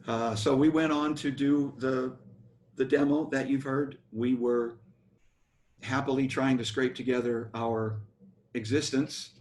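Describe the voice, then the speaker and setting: An older American man, a bass player, telling rambling stories about his career in an interview. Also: darkish tone, slight background noise. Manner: rambling anecdotal storytelling with restarts. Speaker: guest musician, bass player. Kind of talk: storytelling interview.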